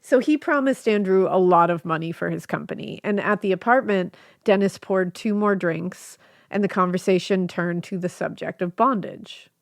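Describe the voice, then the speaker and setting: A woman's voice: on the low side, moderate pace, creaky, no room sound, studio quality. A woman co-hosting a podcast who chats casually and swears freely as she tells a true crime story. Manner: chatty and profane, with a casual storytelling flow. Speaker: podcast co-host.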